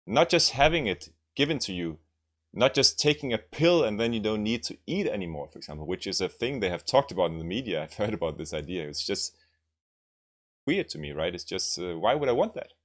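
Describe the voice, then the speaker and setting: Low-voiced man explaining grammar. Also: very animated, brisk. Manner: repeats example sentences, asks "right?" often. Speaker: language teacher.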